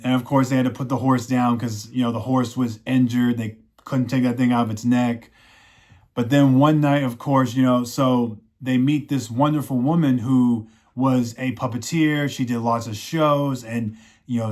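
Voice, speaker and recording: Male reviewer, casual rambling recap, mid pitch, loose delivery with frequent restarts. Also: darkish tone. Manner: rambling, many fillers and restarts, acts out quotes. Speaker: show reviewer.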